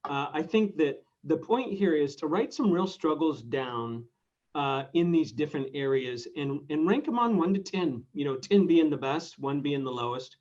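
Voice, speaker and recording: A man hosting a talk show, chatting in an easygoing, halting way. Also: fairly high pitch, darkish tone. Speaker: host. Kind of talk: casual interview chat. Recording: dull lo-fi call audio.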